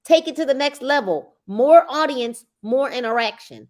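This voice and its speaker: A woman coaching on sales in a casual motivational talk, her voice pitched a little high and swinging widely up and down. She hammers points home by repeating phrases and sometimes breaks into loud urging. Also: expressive, moderate pace. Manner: emphatic, repeats phrases for effect; bursts into loud urging at times.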